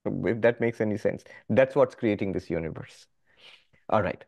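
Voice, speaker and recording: A middle-aged man, a monk, teaching a philosophy class, explaining step by step with lively emphasis. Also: on the low side, normal speed, vocal fry. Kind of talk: philosophy lecture.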